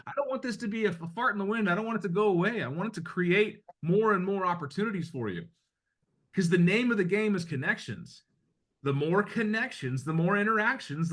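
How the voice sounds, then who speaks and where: A middle-aged man from the United States coaching real estate agents in a blunt, conversational way, with some mild swearing. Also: sits high. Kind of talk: motivational talk to agents.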